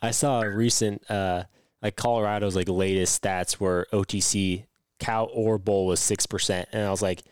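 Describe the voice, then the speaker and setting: A man hosting a podcast in casual chat, relaxed and leaning on lots of fillers. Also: lowish voice, normal speed, smooth, dry recording, clean studio sound. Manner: relaxed, filler-heavy with frequent "like". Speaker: podcast host.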